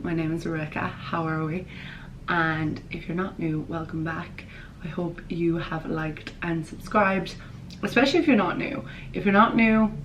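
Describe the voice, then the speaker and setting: A young woman in her twenties with a Kerry Irish accent, chatting bubbly and quick to camera as a vlogger. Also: lowish voice, slight background noise, low-quality recording. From Ireland. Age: 20s. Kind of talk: casual chat to camera.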